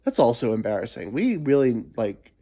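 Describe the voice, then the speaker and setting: A man's voice: mid-range voice, big pitch swings, normal speed, warm tone. A man hosting a solo podcast, rambling playfully and swearing a lot, getting over a cold. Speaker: podcast host. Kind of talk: casual solo podcast monologue.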